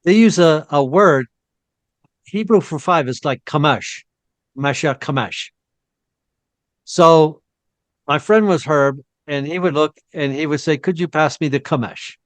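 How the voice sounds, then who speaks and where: A man co-hosting a casual discussion, telling an anecdote in a rambling, animated way. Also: on the high side, takes it slowly, long pauses, no room sound. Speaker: co-host.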